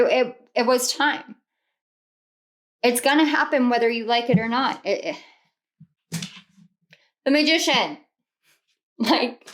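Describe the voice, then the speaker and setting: A woman reading tarot cards to camera, earnest and rambling, often repeating herself and laughing. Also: a little high. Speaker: tarot reader.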